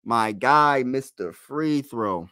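A young man giving casual fan play-by-play of a basketball game, excitable, pleading and groaning as plays unfold. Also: mid-range voice, slow pace, dry recording, studio quality. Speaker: live play-by-play streamer.

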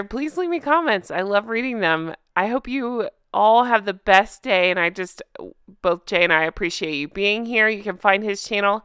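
A woman vlogger giving snarky, deadpan commentary. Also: mid-range voice, clean tone, dry recording, clean studio sound. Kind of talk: sarcastic commentary.

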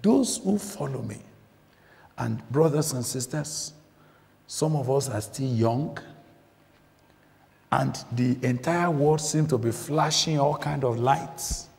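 Slow, lively man preaching in a reverberant church. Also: mid-range voice, vocal fry. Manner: emphatic, repeats phrases, asks the listeners questions. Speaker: guest preacher. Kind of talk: sermon. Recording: church recording with long reverb.

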